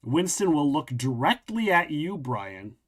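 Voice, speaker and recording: A man's voice: fairly high pitch, sing-song, measured pace. A man running a tabletop game as game master, narrating with frequent restarts while he searches for words.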